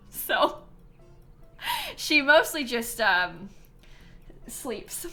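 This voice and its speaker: A woman's voice: a little high, sing-song, drawn-out words, long pauses, pushed and bright, soft background music. A young woman streaming a game live, chatting casually with her chat, reading donations and laughing at herself often. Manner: chatty, self-mocking, laughs often, reads donations aloud.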